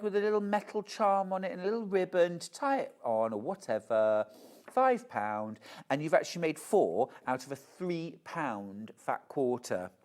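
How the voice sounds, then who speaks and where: A woman's voice: fairly low pitch, a little mellow. A woman presenting on a live shopping channel, gushing and chatty as she shows products and reads out viewer messages.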